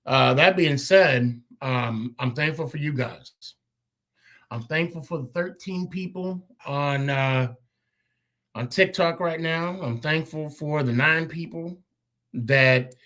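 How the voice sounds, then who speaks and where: A man hosting a sports fan podcast, closing the show with loose, rambling thank-yous and shout-outs to listeners. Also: fairly high pitch, slow pace. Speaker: podcast host. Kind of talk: casual sign-off chat.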